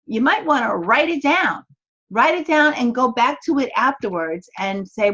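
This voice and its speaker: A woman's voice: fairly high pitch, animated, normal speed, a bit bright, breathy edge, lo-fi sound. A woman, a business coach, teaching an online course in a chatty, encouraging way from her office, acting out the thoughts she quotes.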